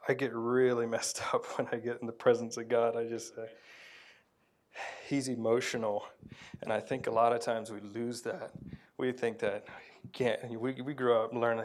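A man preaching a sermon, nervous and emotional, halting with fillers and sliding into a soft, murmured prayer. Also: mid-range voice, little pitch movement. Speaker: pastor.

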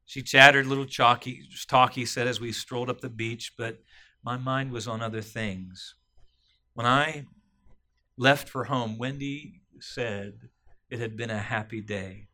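A man retelling a story aloud, halting often with fillers and restarts. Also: medium pitch, steady tone, bright, forceful tone.

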